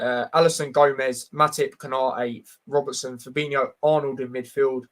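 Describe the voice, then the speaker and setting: A man hosts a casual football live stream at an ordinary middle pitch. He rambles with plenty of fillers, reads viewers' comments aloud, and speaks bluntly and directly to the chat. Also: steady tone, moderate pace, few pauses.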